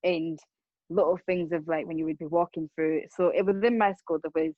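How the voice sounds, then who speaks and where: A woman's voice: deep voice, steady tone, brisk, no room sound, phone-quality sound. A young woman, telling of her own experiences in an earnest, casual way, repeating words and circling back as she talks. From Rwanda. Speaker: speaker on racism. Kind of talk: personal account, casual talk.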